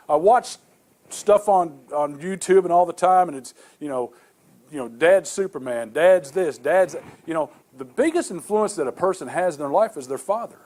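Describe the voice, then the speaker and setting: A man's voice: sits high, darkish tone. A middle-aged male pastor preaching a sermon, telling stories earnestly with many repeated restarts.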